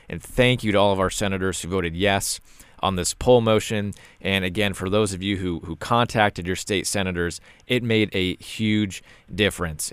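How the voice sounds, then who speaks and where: Deep-voiced man with a dry, clear voice. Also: no echo. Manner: frequent "uh" fillers and repeated words. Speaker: podcast host. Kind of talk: casual commentary.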